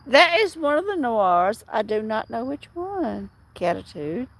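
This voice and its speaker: A woman's voice: on the high side, sing-song, measured pace, a bit bright. Chatty woman rambling on a livestream. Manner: rambling, chatty storytelling with many restarts. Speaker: livestream host. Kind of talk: casual livestream chat with viewers.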